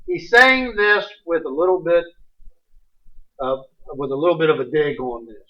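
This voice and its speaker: Animated high-voiced preacher, distant muffled sound. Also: male voice, normal speed. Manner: animated, folksy, reads scripture aloud with sudden emphasis. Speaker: pastor. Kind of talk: sermon. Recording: distant, muffled livestream audio.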